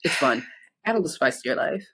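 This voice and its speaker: A woman's voice: low-pitched, animated, quick pace, fairly bright tone, husky. A woman co-hosting a podcast in casual chat, laid-back, telling stories with quoted asides. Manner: frequent "mm-hmm" listening sounds. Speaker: podcast co-host.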